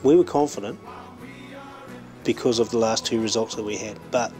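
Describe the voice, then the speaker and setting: Reflective man over soft music. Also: on the low side, moderate pace. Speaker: former footballer. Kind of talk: retrospective interview.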